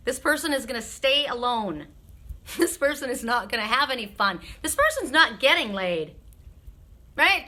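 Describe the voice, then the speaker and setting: A woman's voice: medium pitch, bright, forceful tone. A woman doing spiritual readings on a live stream, chatting frankly with viewers, laughing often and swearing freely.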